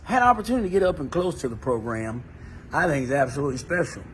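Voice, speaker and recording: A man's voice: on the high side, lively intonation, quick pace, slight background noise. A man, a motivational speaker telling a story in a repetitive, preacher-like cadence. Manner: emphatic. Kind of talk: storytelling talk.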